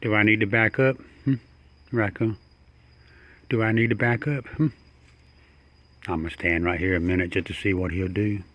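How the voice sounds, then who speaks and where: A man's voice: on the low side, steady tone, normal speed, long pauses, fairly bright tone. A man, talking casually and coaxingly to an animal outdoors at night, chuckling and repeating himself. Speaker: backyard wildlife videographer.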